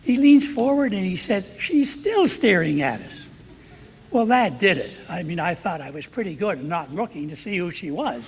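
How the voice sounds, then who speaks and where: Older priest telling stories in a big hall. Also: male voice, high-pitched, very animated, moderate pace. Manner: storytelling, acting out quoted dialogue. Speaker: Jesuit priest accepting a medal. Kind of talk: anecdotal acceptance speech. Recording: reverberant hall, faint background noise.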